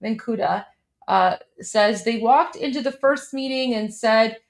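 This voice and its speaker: Unhurried and on the high side, the voice belongs to a young adult woman from Iran hosting a live stream. Reacting to a hearing, she offers heated, scornful commentary, often saying things twice for emphasis.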